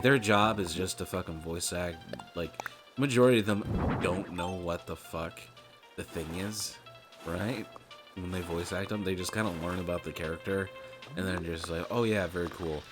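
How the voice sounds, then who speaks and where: A man streaming and chatting casually, rambling and profane, laughing often. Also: sits low. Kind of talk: casual chat while gaming. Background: music.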